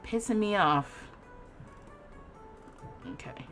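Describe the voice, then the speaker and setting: A woman in her thirties streaming a life-sim game, ranting dramatically with loud outbursts and laughter, then settling into explanations for her chat. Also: medium pitch, expressive, takes it slowly, soft background music. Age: 30s. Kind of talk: livestream gameplay commentary.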